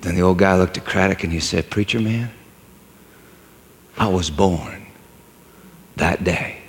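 A man's voice: sits low, a little slow, slight background noise. A male preacher telling a story in a dramatic, emphatic sermon. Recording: long hall reverb.

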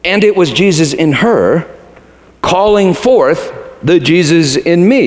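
Man preaching with sweeping pitch. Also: animated. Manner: dramatic swings from hushed to shouting; halting restarts when moved. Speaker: pastor. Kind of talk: sermon. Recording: long hall reverb.

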